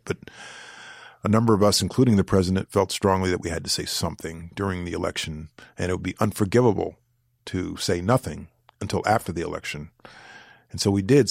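Man, deep voice, dry close sound; deliberate, careful interview answers. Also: no echo. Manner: deliberate, weighs words, pauses to choose phrasing. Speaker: former government official, interview guest.

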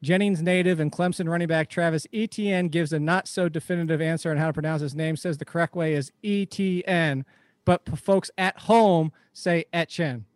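A man's voice: a little high, steady tone, fairly quick, few pauses, no echo. A man hosting a fantasy football podcast, chatty and rambling in casual talk. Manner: chatty, rambling, laughs easily. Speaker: podcast host.

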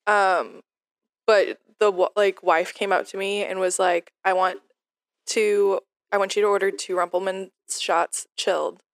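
A young woman co-hosting a podcast, telling lively, swearing stories in casual chat. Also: medium pitch, a little slow, no echo, clean studio sound. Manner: lively storyteller, swears freely. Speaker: podcast co-host.

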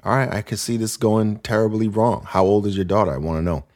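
Speaking fast in a lowish voice, a man hosts a relaxed comedy podcast where he reads out letters from listeners. His delivery is lively and jokey, punctuated by plenty of laughter.

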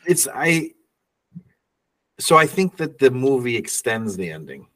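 A man's voice: mid-range voice, sing-song, measured pace, fairly bright tone, far from the mic. A man co-hosting a casual film podcast, reading out trivia notes and laughing often. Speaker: podcast co-host.

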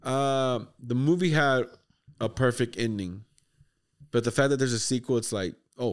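Male podcast host, mid-pitched, excitable and profane, rambling storyteller. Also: normal speed. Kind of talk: casual movie review chat.

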